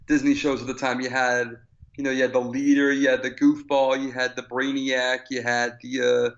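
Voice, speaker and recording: A man co-hosting a podcast in casual, joking chat, speeding up when he gets excited. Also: mid-range voice, normal speed, gravelly. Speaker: podcast co-host. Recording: dull lo-fi podcast audio.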